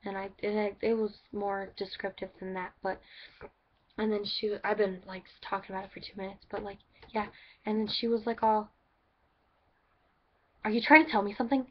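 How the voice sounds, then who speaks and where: Woman vlogging casually, rambling and filler-heavy, flat monotone delivery, muffled lo-fi sound. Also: mid-range voice, normal speed. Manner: rambling, full of "like" and restarts. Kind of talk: casual storytelling vlog.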